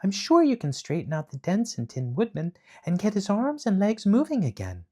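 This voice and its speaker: A man voicing an eager young girl in a storybook reading, raising his voice high and bright. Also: huge pitch swings, moderate pace, exaggerated voice. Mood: earnest.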